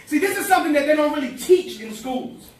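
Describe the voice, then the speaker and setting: A man, giving an energetic, preachy motivational speech with call-and-response to students in a large hall. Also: very high-pitched, fast. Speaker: motivational speaker. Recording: echoey hall from far off, chattering crowd.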